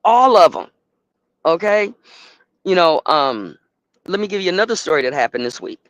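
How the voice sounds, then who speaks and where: Gravelly trucker guy ranting, cussing, playing both sides of the call, dry sound. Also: high-pitched, normal speed, no room sound. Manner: animated, profane, acts out both sides of a phone call. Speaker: trucking company owner. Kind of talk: casual storytelling to a live audience.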